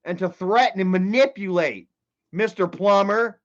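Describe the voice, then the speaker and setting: Hosting a casual livestream, a man reads chat and reacts with excitable profanity, lurching from loud outbursts down to low muttering. He keeps a moderate pace, and the stream audio sounds dull and lo-fi.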